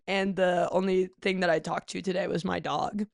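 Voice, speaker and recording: A young woman on a podcast, talking in a dry, deadpan way with a gravelly fry running under her voice. She is close on a studio mic, and the sound is dry with no room echo. Her jokes land flat and self-mocking. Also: lowish voice, moderate pace. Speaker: comedian guest. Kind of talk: casual podcast chat.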